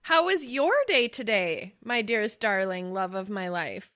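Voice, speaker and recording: A woman's voice: mid-range voice, lively intonation, unhurried, fairly bright tone. A young woman co-hosting a casual podcast chat, swearing freely and laughing often as she talks. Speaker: podcast co-host.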